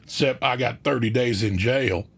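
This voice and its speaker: A man playing a blunt, rough rural husband who talks in double negatives. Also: mid-range voice, normal speed, a bit bright.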